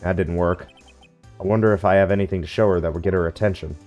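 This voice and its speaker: A man reading a weary deadpan young lawyer. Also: low voice, fast talker, muffled recording, soft background music, voice pushed down, natural voice. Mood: dry. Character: young male lawyer, dry and exasperated. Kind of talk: reading game dialogue aloud.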